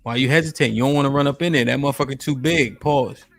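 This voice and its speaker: A man's voice: mid-range voice, fast talker, vocal fry, a bit bright, faint music behind. A man hosting a live stream, talking casually and greeting chat viewers by name while he breaks down a video. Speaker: streamer host reacting to a video.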